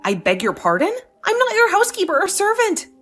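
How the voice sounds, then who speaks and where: A woman's voice: very high-pitched, huge pitch swings, a little fast, fairly bright tone, faint music behind, heavily acted. A woman voicing a young wife who stands her ground, talking in an indignant, sarcastic way. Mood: indignant, defiant. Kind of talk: dramatized story dialogue.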